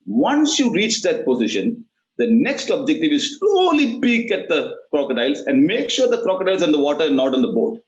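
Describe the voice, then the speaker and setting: A man teaching meditation, explaining steps through repeated analogies. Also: on the high side. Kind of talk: explanatory talk. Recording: roomy, dull lo-fi recording.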